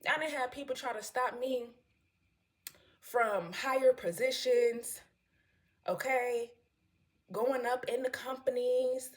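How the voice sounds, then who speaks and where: A woman's voice: high voice, steady tone, slow, pauses often. A woman, casually telling her followers a story and often asking "you know what I'm saying". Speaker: vlogger telling a story to viewers.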